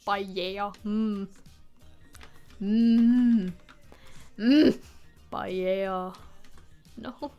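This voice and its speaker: A woman's voice: medium pitch, drawn-out words, pauses often, lo-fi sound, faint music behind. A young woman from Denmark, giving exasperated, swearing commentary while she streams a game. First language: Danish. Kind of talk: live gameplay commentary.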